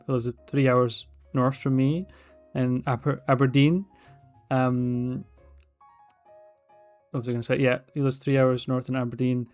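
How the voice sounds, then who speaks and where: A young man with a light Scottish accent, chatting casually on a livestream, rambling and restarting his sentences as he talks. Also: medium pitch. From Scotland. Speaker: artist livestreaming.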